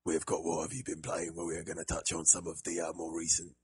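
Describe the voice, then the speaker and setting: Laid-back husky English man. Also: sits low, completely flat delivery, quick pace, a little mellow, no echo. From England. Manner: jokey, self-deprecating, laughs often. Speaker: podcast co-host. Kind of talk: casual chat. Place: home in Japan.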